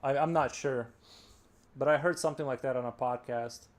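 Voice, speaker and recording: This livestream artist, an American man from the United States with a standard accent, rambles and cracks jokes as he draws, pausing to read chat messages out loud. He speaks at a moderate pace in a medium pitch with fairly level intonation.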